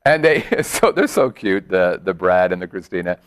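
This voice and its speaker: Animated joking man hosting a chat show. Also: low voice, moderate pace, smooth. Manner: jokey, animated storytelling with hillbilly put-on bits. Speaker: show host. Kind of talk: casual chat.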